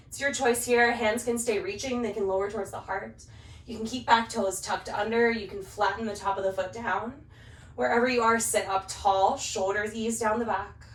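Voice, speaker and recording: A woman instructor gently cueing poses in time with the breath during a guided yoga class, slightly out of breath as she moves along. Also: on the high side. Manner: calm, gentle cues paced to the breath. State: a little out of breath while practicing along. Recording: roomy, picked up from a distance.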